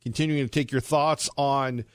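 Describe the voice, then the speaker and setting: A man's voice: mid-range voice, fairly even intonation, moderate pace, smooth, no echo, studio quality. A male talk radio host, joking and dropping sarcastic asides.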